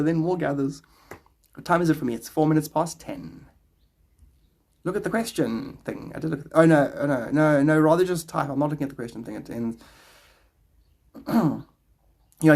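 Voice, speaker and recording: A man's voice: mid-range voice, a little mellow, slightly rough. A man streaming from his phone, chatting casually and answering viewer questions, laughing often and rambling playfully. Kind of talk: casual livestream chat.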